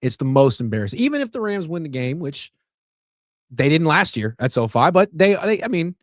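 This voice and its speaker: A man co-hosting a casual sports podcast, laying out firm opinions in a steady way. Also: a little high, brisk, dry recording, clean studio sound. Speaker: podcast co-host.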